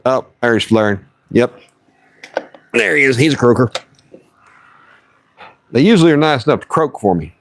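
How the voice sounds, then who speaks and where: A man's voice: medium pitch, expressive, normal speed, vocal fry, pauses often. A man live-streaming while he fishes, chatting folksy and casual and reading his chat aloud. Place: outdoors on the water.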